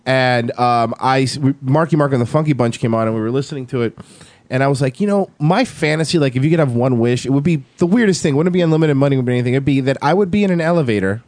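A man's voice: mid-range voice, quick pace, no room sound. A man co-hosting a casual podcast chat, telling stories in a loose, profane way. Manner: animated, profane storytelling. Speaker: podcast co-host.

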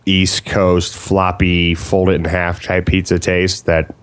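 Lower-voiced blunt male co-host. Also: completely flat delivery, slow, smooth, dry recording. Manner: blunt, opinionated, teasing. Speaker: podcast co-host. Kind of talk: casual chat.

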